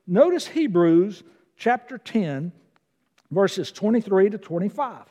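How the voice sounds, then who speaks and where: A man preaching a sermon as a guest preacher, emphatic, swinging between loud declarations and soft asides. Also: high voice, sing-song, slow pace, big-room sound, dull audio. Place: church sanctuary.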